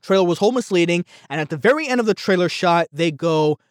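Heated rambling man, high voice. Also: expressive, quick pace, no echo, clean studio sound. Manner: heated, rambling, stumbling restarts. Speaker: movie reviewer. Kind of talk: casual movie rant.

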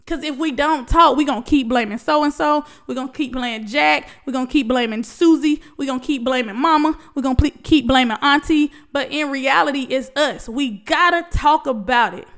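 Woman vlogger, high voice, emotional preachy pep talk, calls her listeners baby. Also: a little fast, few pauses, fairly bright tone. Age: adult, past college. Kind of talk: heartfelt motivational talk to camera.

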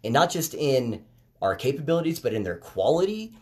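Casual male podcaster, mid-pitched, chatty monologue that turns animated on key points. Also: fairly quick. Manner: conversational, animated when making a point. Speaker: podcast host. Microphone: headphones with phone recording.

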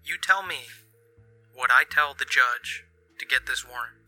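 Guy doing a fed-up police lieutenant, really bright sharp voice, dry sound, pushy and blunt. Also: mid-range voice, measured pace, dry recording, faint music behind, poor audio. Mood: exasperated. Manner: blunt, pleading and pressing. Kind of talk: in-character tabletop role-play.

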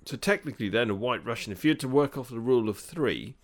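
A man's voice: mid-range voice, expressive, quick pace. A man co-hosting a podcast, joking and giving firm opinions in a casual chat. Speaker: podcast co-host.

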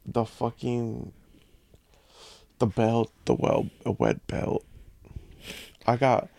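Gravelly young man telling stories. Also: medium pitch, level tone, drawn-out words, warm tone, dry recording. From Mexican family. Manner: profane, rambling anecdotes. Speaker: podcast guest. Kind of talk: casual storytelling chat.

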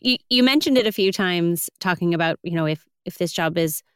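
A woman's voice: fairly low pitch, animated, brisk, clear, resonant tone, no room sound, clean studio sound. A woman hosting an interview podcast, affirming and enthusiastic toward her guest. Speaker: podcast host. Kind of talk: conversational interview.

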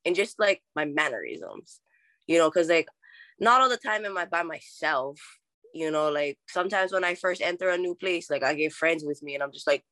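Podcast guest: young woman with a Hawaiian accent, relaxed and talkative, often laughing, dry close sound. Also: low-pitched, normal speed, no room sound. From Oahu, Hawaii. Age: young adult. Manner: chatty, laughs often, mixes in Hawaiian words. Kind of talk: casual conversational interview.

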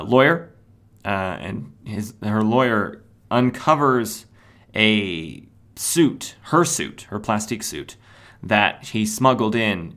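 A man's voice: on the low side, fairly bright tone. A man hosting a podcast, casually recapping a comic book, rambling and correcting himself as he goes. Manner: rambling, self-correcting, many fillers. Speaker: podcast host.

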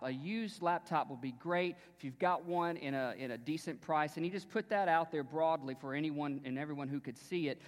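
Pastor in a reverberant church hall. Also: male voice, fairly high pitch. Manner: conversational storytelling that builds to emphatic preaching; drops to a hushed near-whisper on key phrases. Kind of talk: sermon.

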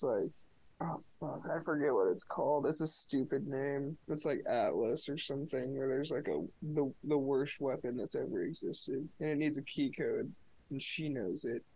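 A man's voice: a little high, a little mellow, no echo, poor audio. Sarcastic, profane man ranting about a movie. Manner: sarcastic, profane, mocking retelling. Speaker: podcast co-host. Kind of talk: casual movie review chat.

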